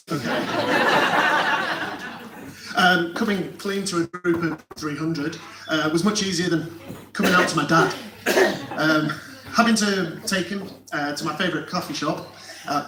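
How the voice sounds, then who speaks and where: Dry self-mocking stand-up man, roomy hall. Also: sits high. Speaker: stand-up comedian. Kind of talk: first-time stand-up routine. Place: live comedy gig venue. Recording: echoey room, distant mic, loud noise.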